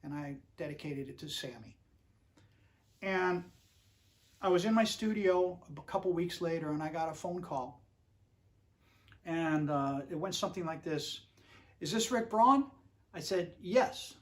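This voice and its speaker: A man's voice: on the high side, unhurried, pauses often. Rambling middle-aged man telling a story. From Pennsylvania, US. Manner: rambling storyteller with frequent fillers. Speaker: host and trumpet player. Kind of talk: casual spoken introduction at a livestreamed concert.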